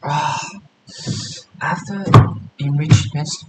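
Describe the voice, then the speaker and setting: A man talks slowly through a coding lesson, his voice bright and a little tense. He stumbles, repeats words and corrects himself as he works things out aloud. The room echoes around him, with a faint hiss underneath. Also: fairly high pitch, animated. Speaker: coding tutor. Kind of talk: casual screen-share coding walkthrough. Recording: roomy echo with faint hiss.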